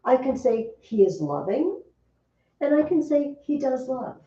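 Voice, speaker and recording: Lively woman teaching in an echoey classroom. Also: high voice, measured pace. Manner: lively, chatty teacher asking the class questions. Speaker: Latin teacher. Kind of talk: classroom lesson. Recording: distant, roomy, dull classroom recording.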